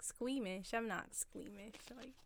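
A woman's voice: mid-range voice, unhurried. A young woman guest on a podcast, chatting casually and saying "like" a lot. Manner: laid-back, lots of "like" fillers. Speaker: barista guest. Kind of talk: casual chat.

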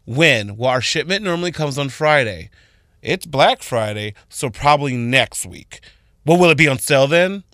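A man co-hosting a morning radio show, telling an animated story and jumping to high squeals when he retells things. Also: moderate pace, no echo, studio quality. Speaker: radio co-host.

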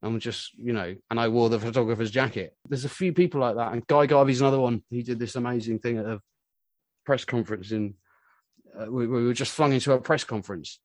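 A man in his forties, a musician being interviewed, telling stories in a rambling, animated way with lots of filler words. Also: mid-range voice, quick pace, no room sound. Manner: rambling, animated storytelling full of "you know". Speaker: musician guest. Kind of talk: casual interview chat.

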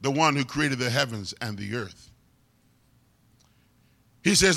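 A man's voice: mid-range voice, expressive, takes it slowly, vocal fry, long pauses, bright, forceful tone. A man preaching a sermon, emphatic and stretching out key words for weight.

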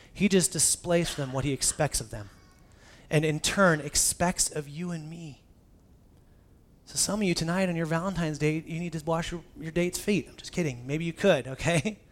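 Animated, slightly high-voiced male preacher. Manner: animated and conversational, with jokey asides. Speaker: pastor. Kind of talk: sermon.

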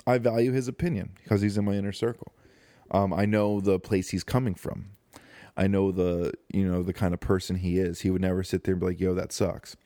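A young man talks alone into a close microphone, hosting his podcast in a loose, joking ramble full of fillers and restarts. His voice sits low, with a dark, mellow tone. The sound is dry, with no room around it. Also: level tone, fairly quick, no room sound. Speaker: podcast host. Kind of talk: casual solo podcast monologue. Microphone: close studio microphone.

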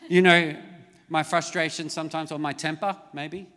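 A man's voice: on the high side, little pitch movement, normal speed, pushed and bright, big-room sound. A middle-aged man preaching a sermon as a pastor, conversational and storytelling, with self-mocking asides. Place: large church hall.

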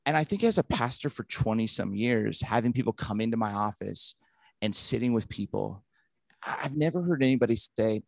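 A man in his thirties or forties, a pastor, tells a personal story in an interview. He acts out every quoted line with lively energy. The recording is close and dry. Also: mid-range voice, normal speed, gravelly, no room sound. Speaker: pastor and author.

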